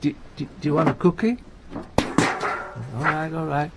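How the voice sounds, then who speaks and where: An actor playing a gentle, anxious older comedian in a radio play, talking in halting, stammering restarts. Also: male voice, on the high side, creaky, heavy background noise. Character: aging male comedian, gentle, anxious, talkative. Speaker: visiting friend and comedy partner.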